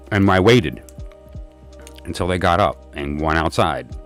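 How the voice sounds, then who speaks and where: A tired man hosting a livestream, telling a story to his viewers in a chatty, rambling way with lots of fillers and restarts. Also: sits low.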